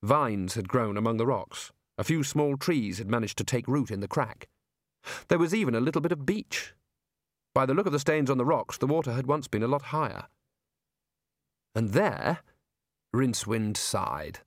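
A man narrating an audiobook in a wry, deadpan manner, close to the mic. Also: mid-range voice, dry recording.

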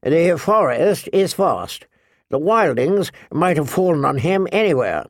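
A man's voice: on the high side, sing-song, unhurried, dry recording, clean studio sound, voice pushed up. A man voicing a cold, impatient knight who speaks curtly. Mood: assured. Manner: cold, curt.

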